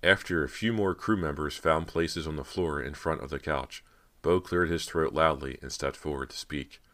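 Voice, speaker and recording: A man narrating a horror audiobook in a steady, measured storytelling manner. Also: rumbling low.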